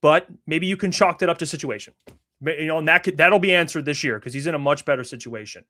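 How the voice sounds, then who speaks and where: A man's voice: on the high side, quick pace, bright, forceful tone. A man hosting a sports talk show, giving blunt, skeptical opinions in casual chat with frequent restarts.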